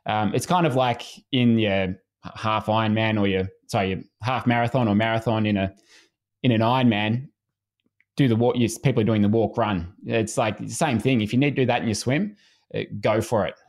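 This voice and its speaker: A man's voice: fairly low pitch, brisk. A man, a swimming coach speaking as a podcast guest in an easygoing, casual way. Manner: relaxed, easygoing, frequent restarts.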